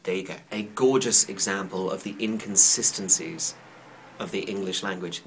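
A man's voice: deep voice, fairly bright tone. A young man rambling casually to camera as a vlogger, chatty and playful with a self-mocking streak.

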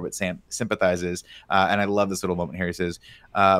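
A man's voice: deep voice, fairly even intonation, a little fast, a bit bright. A man hosting a casual movie review podcast, recapping scenes with jokey paraphrased quotes. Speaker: podcast host.

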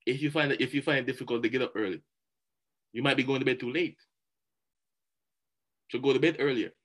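A man giving a motivational talk, animated and chatty, often repeating words as he goes. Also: mid-range voice, a little fast. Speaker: motivational speaker.

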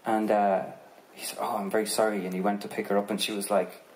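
A man with an Irish accent telling a joking, relaxed story to an audience between songs at a live outdoor concert. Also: fairly low pitch, fast, low-quality recording. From Ireland. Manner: relaxed, joking, chatty, swears casually. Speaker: singer on stage. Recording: live concert recording with crowd noise. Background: audience crowd murmur.

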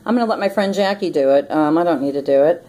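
A woman's voice: low voice, fast talker, mellow, poor audio. A woman hosting a casual prayer and meditation vlog, chatty and rambling, who often breaks into laughter. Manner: chatty, rambling with many ums. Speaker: host of a prayer and meditation channel.

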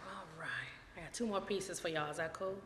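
A woman performing spoken word poetry at a gallery event, dramatic, swelling from hushed lines to loud ones. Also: lowish voice, steady tone, fairly quick, heavy background noise. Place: art gallery event before a live audience. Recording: echoey room with long reverb.

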